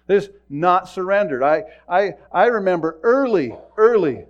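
Male pastor, sermon, slightly high voice, storytelling, hushed then loud. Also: animated, normal speed, lo-fi sound. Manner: storytelling preacher, swings between hushed and loud.

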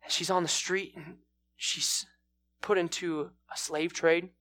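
A man telling a scripture story as a sermon, in a casual style with many pauses. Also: on the high side, steady tone, a bit bright, slight background noise. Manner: informal, with fillers and restarts.

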